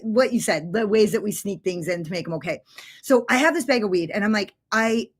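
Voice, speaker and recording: A woman in her forties chatting casually to camera as a beauty vlogger, candid and rambling, swearing freely and full of "like" fillers. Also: mid-range voice. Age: 40s. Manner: frequent "like" fillers and restarts. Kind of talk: casual confessional chat.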